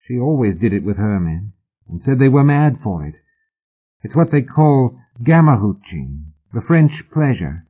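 A man's voice: mid-range voice, very animated, a little slow. A male reader voicing a tired, tipsy young woman who coaxes and wheedles, in an audiobook. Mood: earnest. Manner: wheedling, coaxing. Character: drowsy coaxing young woman of the night. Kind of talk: audiobook character voice. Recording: husky voice on a tinny phone-like line.

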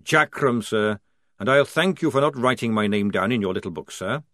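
A man voicing a wily, knowing army sergeant who talks in a gruff, conspiratorial way. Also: on the low side, lively intonation, moderate pace, a bit bright, dry recording, clean studio sound. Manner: gruff, conspiratorial, says sir a lot.

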